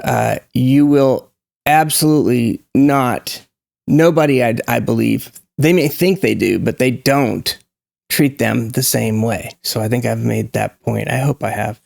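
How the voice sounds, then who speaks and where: Gravelly man with a slight Southern tinge. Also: mid-range voice, measured pace, darkish tone, no echo, clean studio sound. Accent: standard American with a slight Southern tinge. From Georgia, US. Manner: chatty, hesitant, with many fillers and self-corrections. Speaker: host. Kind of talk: casual solo talk.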